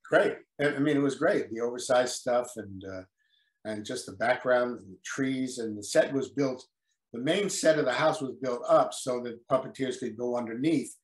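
An older veteran actor, a guest in a casual interview, tells stories in a medium-pitched voice at a moderate pace, animatedly acting out old quotes. The room is echoey.

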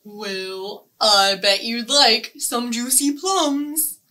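Woman doing a gentle little storybook piranha, coaxing, slow, bright voice. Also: fairly high pitch, distant mic, exaggerated voice. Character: mild, pleading little piranha who loves fruit.

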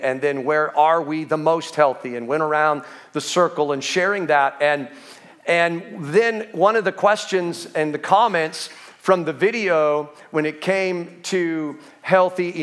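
A middle-aged man preaching a sermon as pastor, earnest and emphatic, slowing down to stress key phrases. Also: a little high.

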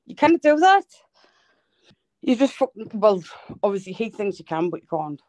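A woman's voice: medium pitch, big pitch swings, normal speed, a little mellow, no echo, rough recording. Live-stream host, woman, profane and heated, dry close sound. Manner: sweary, heated, blunt. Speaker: livestream host.

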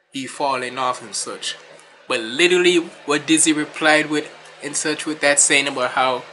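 A man's voice: medium pitch, pushed and bright, low-quality recording. A man hosting a casual music reaction, talking in a laid-back, rambling way, sounding nasal and stuffy from a cold.

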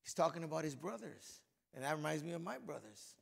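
A hoarse middle-aged pastor whose gravelly, somewhat high voice moves between easy conversational preaching and fervent prayer. His voice is worn rough from yelling. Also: big pitch swings, fairly quick. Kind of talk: sermon and closing prayer at a men's breakfast.

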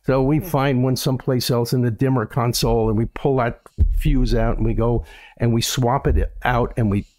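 An older man, the host's father, telling a story from his high school days in an animated way, jumping up in pitch when he quotes people. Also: moderate pace. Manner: animated, acts out quotes in a raised voice. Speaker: guest storyteller. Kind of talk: casual storytelling.

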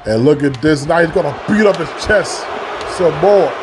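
Excitable high-voiced man calling wrestling. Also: moderate pace. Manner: excitable, builds to shouted outbursts at big moves; repeats phrases and restarts mid-call. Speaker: play-by-play commentator. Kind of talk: play-by-play commentary on a wrestling video game. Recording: loud game crowd and noise behind. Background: video game arena crowd noise.

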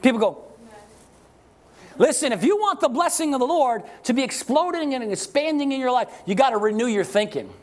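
A man pastor preaching a sermon to a congregation, asking rhetorical questions, leading call-and-response, and slowing down to read scripture with emphasis. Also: very high-pitched, expressive, darkish tone. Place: church service with congregation.

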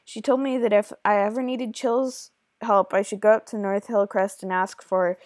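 A woman's voice: mid-range voice, fairly even intonation, moderate pace, dry recording, studio quality, lightly acted. Woman playing a kind, secretive village beekeeper. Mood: confiding. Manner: gentle, confiding storytelling.

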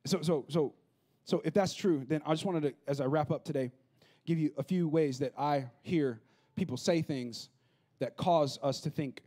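A pastor preaching a lively, humorous sermon, acting out the people he quotes. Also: a little high, normal speed, few pauses. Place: church auditorium.

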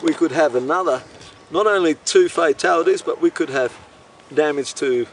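A man telling a rambling comic story, animated and profane, breaking into bird impressions, recorded outdoors. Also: on the high side, moderate pace. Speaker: comedic monologuist. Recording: voice distant from the mic with faint outdoor noise.

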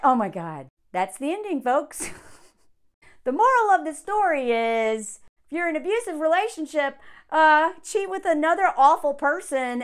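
A woman giving casual reaction commentary in an animated, exasperated and sarcastic way. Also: high-pitched. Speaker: online commentator.

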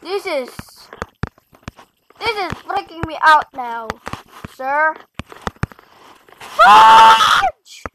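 A young gamer talking through a frustrating game, muttering and yelling in exasperation. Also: high voice, vocal fry, background noise. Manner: frustrated, exclaiming, mutters to self. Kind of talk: gaming commentary. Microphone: tablet mic.

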